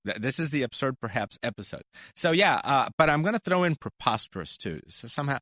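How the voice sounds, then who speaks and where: A man hosting a call-in sports medicine radio show, chatty and animated, explaining things to callers. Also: medium pitch, a little fast, dry recording, clean studio sound. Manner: animated, chatty, laughs easily.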